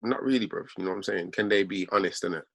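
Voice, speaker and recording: A man's voice: low-pitched, creaky, a bit bright, no room sound. A young man, telling a rambling story in heavy street slang. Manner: slangy, fast, peppered with innit and bruv. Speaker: host.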